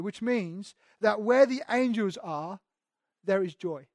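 A man's voice: high voice, slow, dry recording, studio quality. A man preaching a sermon in a conversational way, building to emphatic rises. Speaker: pastor.

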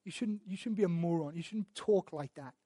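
High-voiced preacher, dry sound. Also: male voice, brisk, breathy edge, no echo. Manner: earnest, stammers and repeats words, builds to loud emphatic passages. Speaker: pastor. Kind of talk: sermon; verse-by-verse Bible teaching.

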